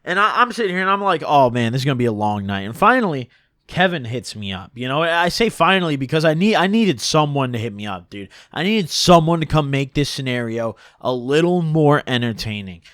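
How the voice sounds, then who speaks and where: A young man telling a casual, slangy storytime, animated and laughing often. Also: on the high side, a little fast, dry recording, clean studio sound. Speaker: streamer and storyteller.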